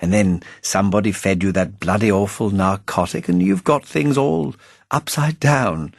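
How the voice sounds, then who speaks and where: Guy putting on a bossy official type, hearty and condescending, lowish husky voice. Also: normal speed, dry recording, studio quality. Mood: dismissive. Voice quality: hearty, patronising, clipped. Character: bluff, condescending male British official, middle-aged.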